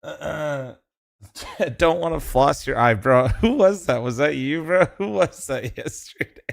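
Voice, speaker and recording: Slow, gravelly-voiced male streamer. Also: on the high side, lively intonation. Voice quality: nasal. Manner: loose, swearing, laughing, talking straight to chat. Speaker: streamer hosting a watch party. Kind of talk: casual live-stream chat.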